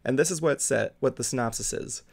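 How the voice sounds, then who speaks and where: A man's voice: medium pitch, fast talker, gravelly, a little mellow. A man hosting a casual podcast, talking with many ums and restarts. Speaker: podcast host. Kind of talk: casual chat.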